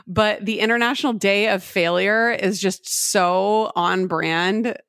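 A woman's voice: mid-range voice, fairly even intonation, unhurried, fairly bright tone, smooth, no room sound. A woman co-hosting a true crime podcast, chatting and laughing easily. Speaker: podcast co-host. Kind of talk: casual chat.

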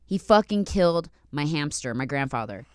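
A young woman hosting a podcast, telling a story in an animated way with frequent laughter. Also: low voice, moderate pace, clear, resonant tone, no room sound, studio quality. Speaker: podcast host. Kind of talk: casual chat, storytelling.

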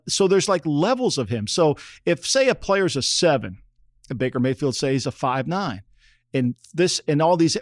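A middle-aged man co-hosting a football podcast, once part of an NFL front office, speaks with emphasis in casual sports talk, repeating his points and often saying "okay?". His voice runs on the high side, in studio-quality sound without room noise.

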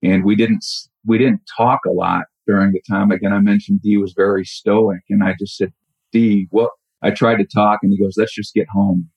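A middle-aged man recounts a personal story slowly and reflectively, stopping and restarting often. His voice is low and husky. The audio sounds dull and lo-fi. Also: level tone, darkish tone, no room sound. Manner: halting, reflective, many restarts. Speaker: caller telling a true story.

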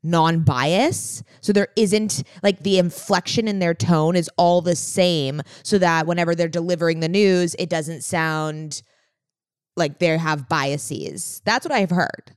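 A woman's voice: fairly low pitch, measured pace, smooth, no echo, clean studio sound. A young woman co-hosting a podcast, chatting casually and playfully with her sister, often laughing and swearing. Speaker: podcast co-host.

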